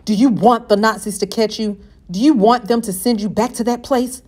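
A woman voicing a frightened teenage boy who speaks in a hushed, pressing way. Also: medium pitch, moderate pace, lightly acted. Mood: urgent hiss.

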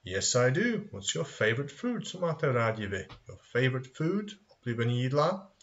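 Male kids' English teacher, bouncy sing-song delivery, unhurried, muffled lo-fi sound. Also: medium pitch. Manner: animated, sing-song, models phrases and answers himself. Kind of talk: children's language lesson review. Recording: dull lo-fi recording.

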